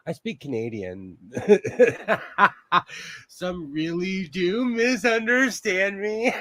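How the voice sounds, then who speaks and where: A man's voice: sits high, vocal fry, fairly bright tone, dry recording. A man in a casual, joking group chat on a livestream.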